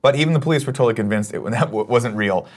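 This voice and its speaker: A man's voice: mid-range voice, very fast. Man reading news aloud, profane. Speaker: co-host. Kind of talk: casual chat, reading news stories.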